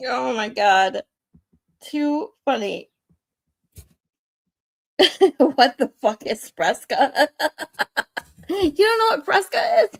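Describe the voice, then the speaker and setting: A woman's voice: sits high, sing-song, takes it slowly, vocal fry, pauses often, no room sound. A woman hosting a casual commentary channel, giggling and swearing freely as she talks. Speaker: channel host reacting to trial footage.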